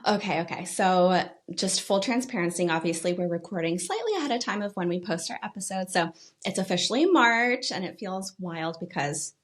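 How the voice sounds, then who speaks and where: Young mom podcaster gushing about family stuff, kinda low voice, lots of likes. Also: female voice, lively intonation, brisk, hardly any pauses. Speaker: podcast co-host. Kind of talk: casual chat.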